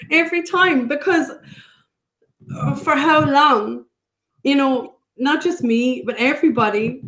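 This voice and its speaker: A woman, a podcast guest, speaking casually, teasing and laughing often. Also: high voice. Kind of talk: casual conversation.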